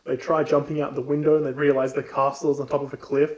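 A man's voice: medium pitch, little pitch movement, quick pace, a little mellow, muffled recording. A man co-hosting a podcast, casually retelling a book in an irreverent, profane way. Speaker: podcast co-host. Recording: roomy echo.

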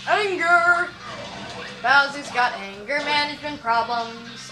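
A woman's voice: sits high, measured pace. A woman giving casual, sarcastic and playful game commentary during a walkthrough. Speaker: gamer doing a walkthrough. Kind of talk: casual game commentary, reading dialogue aloud. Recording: roomy, game music behind.

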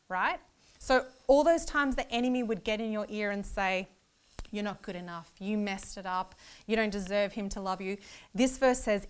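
An earnest woman teaches a church lecture with real excitement, hammering home key words by repeating them. Her voice is smooth and clear, pitched at an ordinary middle height for a woman. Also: moderate pace. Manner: excitable, laughs easily. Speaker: Bible teacher.

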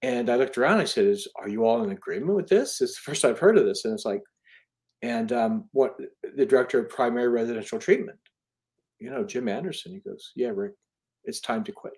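A man's voice: mid-range voice, a little mellow. Earnest middle-aged man telling a story. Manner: earnest, halting storyteller with many restarts and quoted dialogue. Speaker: author and interview guest. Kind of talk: personal storytelling in an interview.

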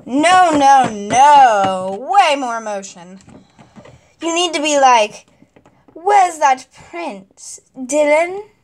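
A woman's voice: sits high, animated, takes it slowly, a little hiss or hum. Woman playing a bossy show director mom. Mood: coaching. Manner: coaching, directing, counting down cues.

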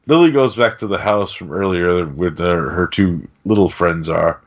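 On his podcast, a man recaps a movie in an easygoing, foul-mouthed ramble full of side comments. His low voice moves at a moderate pace, and the sound quality is dull and lo-fi.

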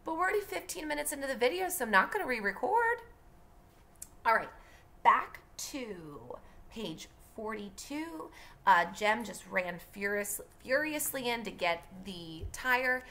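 Young woman teacher, audiobook reading, chatty asides, lively, bright voice. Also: a little high, a little slow. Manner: chatty, filler-heavy asides.

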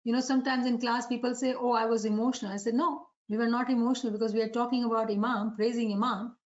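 Woman preacher, high voice, muffled recording. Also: fairly even intonation, fast talker. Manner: asks rhetorical questions to the audience. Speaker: religious preacher. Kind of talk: devotional sermon lecture.

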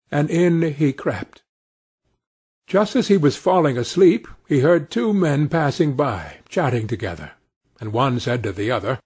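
A man narrating a fairy tale for English learners in a slow, expressive storybook reading. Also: mid-range voice, breathy edge.

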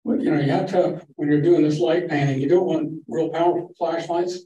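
A man's voice: on the high side, fairly even intonation, a little fast, mellow, dull audio. An older man giving a casual, rambling slide-show talk to a photography club in a library meeting room, with folksy stories. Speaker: guest photography presenter. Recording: echoey room from far off with faint hiss.

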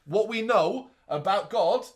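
Animated man recapping a film. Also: high-pitched. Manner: animated recapping, with quick asides in put-on voices. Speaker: podcast co-host. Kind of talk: casual movie review chat.

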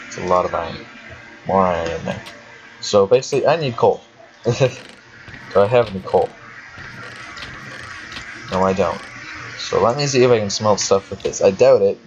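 A young man giving casual commentary while he plays a game, chatty and talking to himself, swearing now and then. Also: low voice. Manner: chatty, swears and laughs often, talks to himself. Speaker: let's player. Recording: dull lo-fi home recording with faint hiss.

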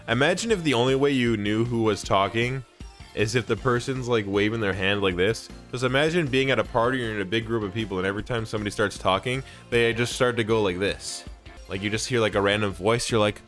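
A young man giving jokey, animated let's play commentary, often breaking into laughs. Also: on the low side, fast talker, faint music behind. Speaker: gaming YouTuber.

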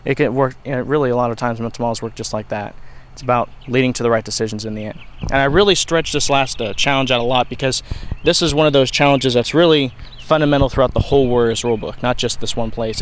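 Young man, mid-pitched, rambling lecture delivery with restarts, faint noise behind. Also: rough recording. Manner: rambling, with frequent restarts and fillers. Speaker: video lecturer. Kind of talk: unscripted explanatory talk.

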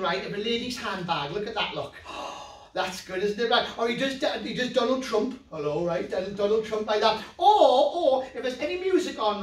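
Excitable North East English magician, high voice. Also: male voice, roomy sound, recorded from a distance. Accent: Geordie. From North East England. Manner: playful, excitable, talks straight to the kids at home. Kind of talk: children's comedy magic show.

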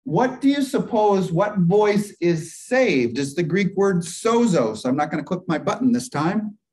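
Slow, higher-voiced man teaching Bible. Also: very animated, darkish tone, rough recording. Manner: asks the class questions and waits for answers; explains Greek grammar step by step. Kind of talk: teaching a church Bible class.

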